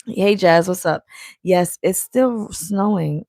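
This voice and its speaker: Woman, low voice, casual streamer banter, blunt and joking; dry, close handheld mic. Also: slow, vocal fry, a little mellow, no room sound. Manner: blunt, joking, swears freely, drifts between chat and reading. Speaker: streamer reading a book aloud. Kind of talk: casual chat while reading on stream. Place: indoors at home.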